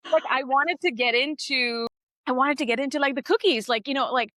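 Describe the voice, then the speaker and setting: A woman hosts a podcast interview with a bright, forceful tone. She talks earnestly and effusively, often restarting sentences and breaking into laughter. The sound is close and dry. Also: high-pitched, brisk, dry recording. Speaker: podcast host.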